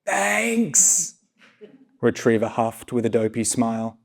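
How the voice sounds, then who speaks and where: A man narrating a story aloud at a live reading, in a steady, soft manner. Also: medium pitch, a little slow. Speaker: story reader.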